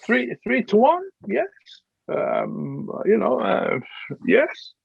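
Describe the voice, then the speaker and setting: Man doing a pompous duke, halting, gravelly, lively pitch, slow, lo-fi mic. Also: a little hiss or hum, full character voice. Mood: haughty. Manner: hesitant, halting, full of ums, pompous. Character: pompous foreign-accented duke, male, middle-aged.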